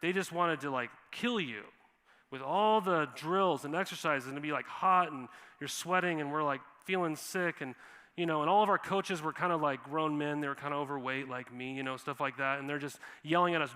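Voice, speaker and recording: Preaching from a church sanctuary, this pastor from Montana speaks a little fast with a clean, bright, forceful tone that sits somewhat high for a man. He keeps the sermon casual and lively, dropping into quoted voices while long reverb lingers behind him.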